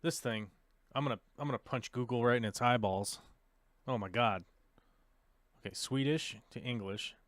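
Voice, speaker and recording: A man's voice: mid-range voice, normal speed, long pauses, dry recording. A man hosting a casual livestream chat in a playful way, thinking aloud and joking at himself. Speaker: livestream host.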